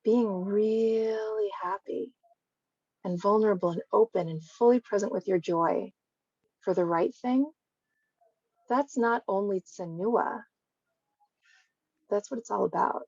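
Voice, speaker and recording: A woman guest speaker giving an online Torah talk in a lively, conversational teaching manner. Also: medium pitch, measured pace, pauses often, breathy edge, dry recording. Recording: dry, slightly dull recording.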